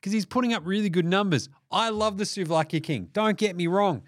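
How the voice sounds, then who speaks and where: A man's voice: high-pitched, a little fast, dry recording, clean studio sound. A man hosting a solo basketball podcast, sarcastic and profane as he riffs on the day's games. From Australia. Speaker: podcast host. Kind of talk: solo sports podcast rant.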